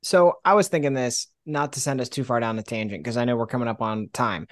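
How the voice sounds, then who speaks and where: A man on a casual podcast, asking the group a question in a conversational tone. His voice is mid-pitched and dry. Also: fast, no room sound. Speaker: podcast co-host.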